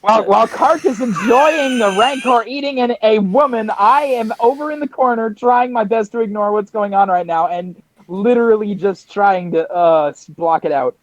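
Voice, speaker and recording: Higher-voiced man, a player at the table. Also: normal speed, few pauses, rough recording. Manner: hesitant, repeats words. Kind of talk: casual tabletop game chat.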